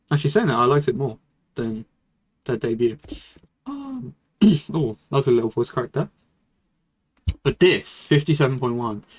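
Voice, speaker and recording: A young man streaming casual commentary, rambling loosely with fillers and the odd swear. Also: medium pitch. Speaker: streamer reviewing music. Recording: faint music in background. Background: faint music.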